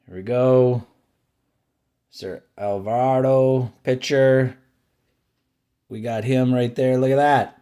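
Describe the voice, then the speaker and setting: A man hosting a card-opening video, speaking at an unhurried pace and in a middle register. He names each card as it comes out and gives dry opinions. His pitch jumps up when a card he likes turns up. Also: fairly even intonation, clean tone. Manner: unhurried, listing cards one by one, dry opinions; brightens and rises in pitch over favorite-team pulls. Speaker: card-collecting channel host. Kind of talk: casual pack-opening commentary.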